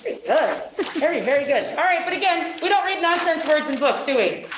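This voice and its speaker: Sing-song and fairly quick, a high-voiced woman teacher coaches young pupils through phonics with cheerful encouragement. Children's voices and crowd noise fill the echoey classroom around her.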